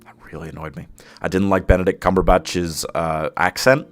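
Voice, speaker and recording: A man's voice: sits low, level tone, a little fast, faint music behind. A man hosting a live stream, chatting casually, giving opinions and reading viewer comments aloud, laughing often. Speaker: streamer host ranking films.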